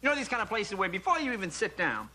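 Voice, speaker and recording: A man's voice: sits high, fast. A man in his thirties, a comedian guest on a talk show, telling comic stories and putting on mocking voices. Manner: animated, jumps into mocking voices of family and strangers. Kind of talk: stand-up storytelling on a talk show. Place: television studio with audience. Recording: noisy 1980s broadcast recording.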